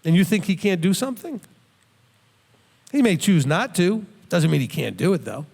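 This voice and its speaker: A man's voice: high-pitched, big pitch swings, normal speed, gravelly, a little mellow. A middle-aged man giving a plain-spoken, earnest Bible teaching, often repeating words as he thinks aloud. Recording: long hall reverb.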